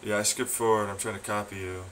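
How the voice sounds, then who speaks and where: A man rants to the camera with heavy sarcasm and a lot of swearing. His voice is bright and edgy, and it swings from low mutters to loud shouts. There is a faint hum in the background. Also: flat delivery, fast talker. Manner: profane, sarcastic, scornful. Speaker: vlogger. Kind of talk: ranting monologue.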